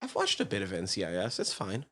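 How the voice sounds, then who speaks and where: A man's voice: low-pitched, huge pitch swings, fast, a bit bright. A young man co-hosting a casual podcast, talking enthusiastically and rambling with many fillers. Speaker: podcast co-host. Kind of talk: casual chat.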